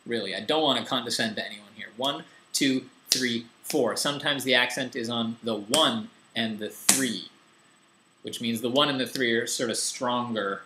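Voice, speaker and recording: A young man casually teaching a guitar lesson in a relaxed, rambling, self-deprecating way, with guitar strumming behind him. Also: medium pitch, normal speed. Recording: echoey room with loud guitar.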